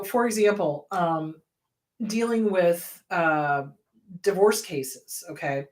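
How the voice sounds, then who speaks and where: Blunt, candid woman therapist. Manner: swings to loud, high bursts when quoting. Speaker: therapist and show host. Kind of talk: casual advice talk.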